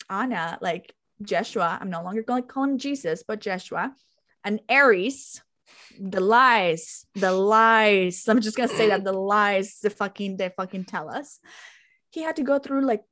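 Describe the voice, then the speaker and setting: A woman's voice: mid-range voice, moderate pace, fairly bright tone. Woman venting on a podcast, swears a lot, punchy and emphatic, mid voice. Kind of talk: casual spiritual chat. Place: lives in the United States.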